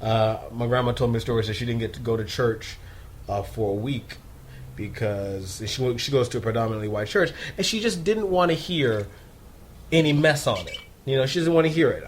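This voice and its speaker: A man with a mid-range voice co-hosts a casual podcast from home. He talks in an animated, joking way, breaking into laughter often as he tells stories. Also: mid-range voice, moderate pace, slight background noise. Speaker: podcast co-host.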